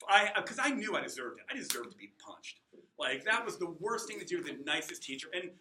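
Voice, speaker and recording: A man's voice: a little high, sing-song, fast, reverberant, background noise. A man in his forties telling comic stories about himself to a classroom, wry and self-mocking. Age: 40s. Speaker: adult student giving a class speech. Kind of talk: comic personal storytelling.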